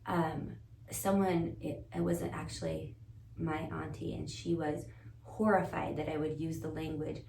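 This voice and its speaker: A woman's voice: sits low, expressive, a little slow, creaky, darkish tone. A woman as a podcast guest, telling her story in an earnest, searching way and thinking aloud. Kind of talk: reflective conversational storytelling. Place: indoor room shared with the host. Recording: roomy echo, distant mic, faint noise.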